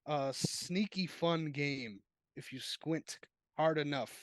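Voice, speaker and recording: A man's voice: on the high side, takes it slowly, no echo. A man co-hosting a casual sports podcast, joking and swearing, laughing often. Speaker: podcast co-host.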